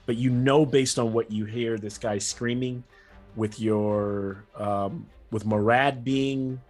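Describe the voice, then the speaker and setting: A man's voice: medium pitch, fairly even intonation, slow pace, a little mellow, faint music behind. Man, game master, casual, rambling, self-correcting. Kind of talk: narrating a tabletop game.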